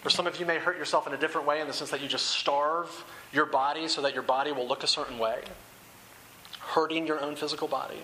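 A man's voice: on the high side, fairly even intonation, quick pace, sharp tone, a little hiss or hum, poor audio. A young man preaching a sermon to a seated crowd, in an earnest, conversational way that repeats and restates phrases. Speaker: campus ministry speaker. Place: room with rows of chairs.

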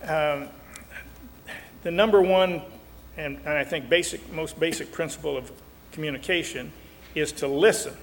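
A man's voice: a little high, normal speed, pauses often, in a large hall, a little hiss or hum. An older man and marriage counselor teaching in a folksy, joking way, acting out little quotes. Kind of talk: talk show teaching.

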